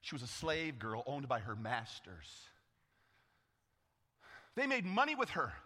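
A man's voice: medium pitch, huge pitch swings, unhurried, sharp tone. A man, a pastor, preaching a sermon, telling a story dramatically and calling out for the congregation's response. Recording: echoey hall.

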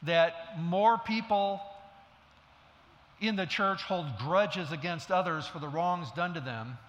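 Bright-voiced pastor preaching in a reverberant hall. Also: male voice, high voice, slow, dull audio. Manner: storytelling, conversational with self-deprecating laughs. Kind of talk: sermon.

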